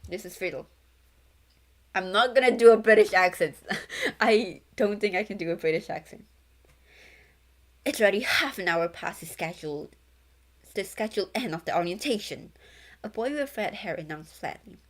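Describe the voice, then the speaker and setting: A young woman reads a novel aloud in a casual stream, tripping over words and fixing them as she goes. Her pitch bounces in a lively way. She keeps breaking off to chat about what she sees. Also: moderate pace, long pauses. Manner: stumbling, self-correcting reading, breaks into chatter. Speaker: VTuber reading a novel aloud. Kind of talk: casual read-along.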